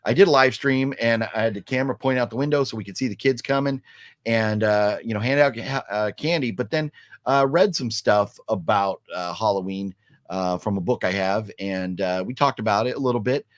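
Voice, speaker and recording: A man's voice: on the low side, normal speed, no echo, studio quality. A man talking casually on a live stream, rambling with lots of fillers and restarts as he answers chat. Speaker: vlogger reading live chat.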